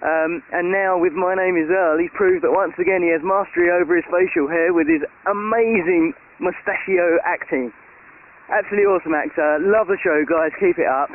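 A man's voice: sits high, a little fast. A man from the UK leaving an upbeat, rambling phone message for a podcast. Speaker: caller. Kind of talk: recorded voicemail comment. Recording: tinny phone line with faint hiss.

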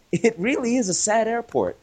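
A man's voice: high voice, very animated, measured pace, a little mellow, husky. Rambling man telling a story. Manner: rambling anecdotal storytelling with fillers and restarts; chuckles while talking. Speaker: comic artist telling a travel story. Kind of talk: casual podcast chat.

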